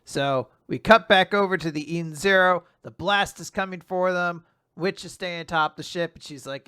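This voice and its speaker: A man's voice: high-pitched, normal speed, clean tone, no echo, clean studio sound. A man co-hosting a podcast in casual chat, recapping a story and hamming up the quoted characters' lines. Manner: animated, hammy voices for quoted characters. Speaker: podcast co-host.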